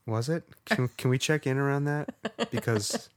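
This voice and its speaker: A man's voice: medium pitch, moderate pace, no echo, clean studio sound. A man co-hosting a podcast, ranting sarcastically and swearing a lot. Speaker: podcast co-host. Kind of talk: casual podcast rant.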